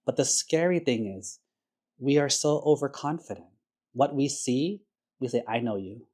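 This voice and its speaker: Man, Buddhist monk, sermon, conversational, storytelling, mellow warm voice. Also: mid-range voice, measured pace. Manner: conversational, uses casual fillers like "like" and "you know"; storytelling, acts out quoted characters.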